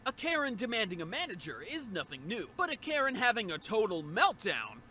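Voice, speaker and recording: A man's voice: high-pitched, huge pitch swings, fairly quick, noisy background. A man, narrating a clip compilation with wry, conversational commentary. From South Coast of England. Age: 40s. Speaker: reaction channel host.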